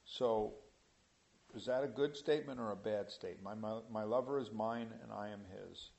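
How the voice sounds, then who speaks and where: Gravelly-voiced preacher man, lively. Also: fairly low pitch, normal speed. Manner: animated, rising to loud emphasis. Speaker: pastor. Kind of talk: sermon.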